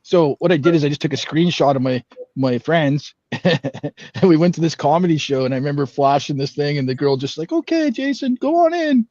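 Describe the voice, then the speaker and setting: A man's voice: on the high side, fairly even intonation, brisk, a little mellow, no room sound. Man, rambling, profane, casual chat, dry muffled sound. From Canada. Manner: rambling, swears freely.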